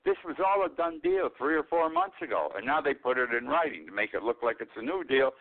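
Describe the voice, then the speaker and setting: A man's voice: mid-range voice, huge pitch swings, a little fast, gravelly. A man in his eighties, an older host giving a blunt, rambling monologue of political commentary. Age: 80s. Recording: tinny phone-like line.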